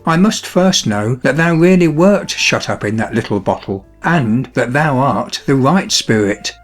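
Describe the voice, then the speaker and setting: A man voicing a cheerful, fearless young scholar in a fairy tale, speaking briskly and calmly. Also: medium pitch, faint music behind. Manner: bright, brisk and calm.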